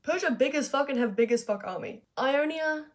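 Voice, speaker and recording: A woman's voice: sits high, expressive. A young woman casually retelling history in a slangy, profane, chatty way, hosting a video essay. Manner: profane, chatty, acts out figures in quick asides.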